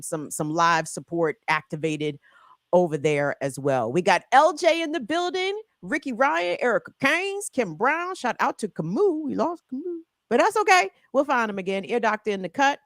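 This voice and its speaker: A woman's voice: medium pitch, sing-song, moderate pace, a bit bright, no room sound, clean studio sound. A woman with a Baltimore accent hosting a morning talk show, chatting playfully and laughing often. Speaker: host. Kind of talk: casual talk show chat.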